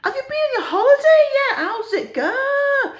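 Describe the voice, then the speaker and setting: A woman's voice: very high-pitched, big pitch swings, moderate pace, roomy sound, pitched above the performer's own voice. A woman voicing a chatty, boastful old lady with a Northern English accent. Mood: gossiping. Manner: gossipy, boastful.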